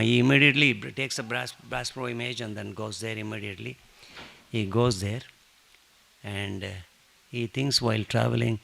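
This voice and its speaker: A man leading a satsang, telling a devotional story with lively joking asides. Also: mid-range voice, a little fast, gravelly. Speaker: satsang speaker.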